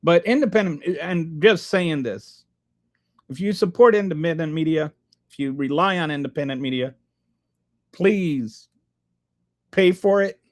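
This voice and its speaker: A man's voice: fairly high pitch, a little slow, pauses often. A man hosting a live stream, reading chat aloud and answering with sarcastic, rambling commentary full of restarts.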